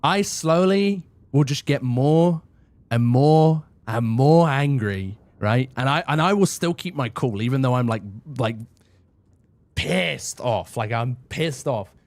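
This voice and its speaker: Lively rambling young male streamer. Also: medium pitch, slow pace, dry recording. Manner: rambling, chatty, self-deprecating. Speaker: livestreamer. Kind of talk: casual livestream chat.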